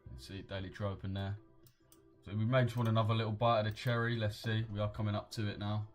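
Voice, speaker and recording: Young guy on a trading livestream, lowish voice, slangy laddish banter, bit of music behind. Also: level tone, quick pace. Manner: slangy, laddish, addresses chat as boys and mate. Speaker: live-streaming forex trader. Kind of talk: casual live-stream chat with viewers.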